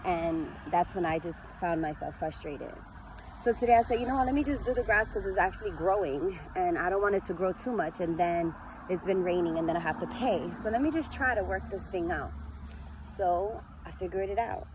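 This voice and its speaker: A woman in her forties giving an earnest, lively motivational talk to her followers in a vlog. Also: fairly low pitch, brisk, background noise. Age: 40s. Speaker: vlogger.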